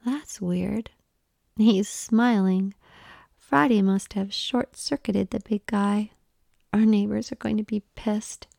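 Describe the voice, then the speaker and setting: A woman's voice: mid-range voice, fairly even intonation, slow, vocal fry, darkish tone, dry recording, studio quality. A woman whispering as a flustered young man, whispered role-play. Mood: bewildered. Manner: flustered, sputtering. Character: bewildered young man, laid-back.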